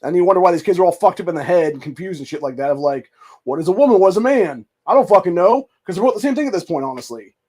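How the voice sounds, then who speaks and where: A man's voice: sits high, lively intonation, rapid-fire, dark tone, husky. Profane ranting male political commentator. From United States. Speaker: host. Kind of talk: angry political commentary over clips.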